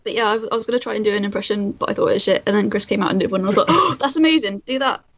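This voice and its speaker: A woman's voice: medium pitch, little pitch movement, very fast, dull audio. Woman from the UK, podcast co-host, giggly, casual swearing, film chat.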